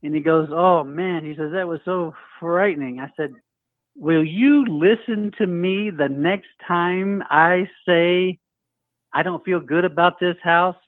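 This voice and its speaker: A man's voice: high-pitched, a little slow, dry recording. A man calling into a show and telling a personal story, acting out the voices of the people in it. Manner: storytelling, acts out quoted voices. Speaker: caller. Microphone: phone. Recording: tinny phone line.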